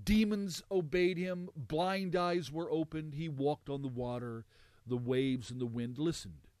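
A man with a high voice delivers a sermon in slow, deliberate phrases. He leans hard on repeated words, swelling to loud peaks and sinking to near murmurs. The sound is dry and close, with no room around it. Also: no room sound. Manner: emphatic, rising to loud peaks and dropping low. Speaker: preacher.

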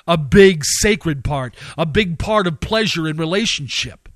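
A man's voice: a little high, lively intonation, a little slow, dry recording. A man preaching a sermon, emphatic, with repeated phrases and sudden rising outbursts.

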